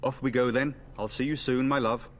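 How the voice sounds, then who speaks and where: A man's voice: mid-range voice, steady tone, fairly quick, lightly acted. A man voicing a confident, jovial warrior in a fantasy game. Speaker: game character. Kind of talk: game voice acting.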